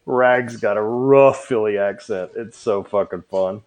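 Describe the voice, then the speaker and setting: With a fairly low, unhurried voice, this podcast host from southwest Louisiana keeps the conversation easygoing. He cusses a lot throughout the casual chat.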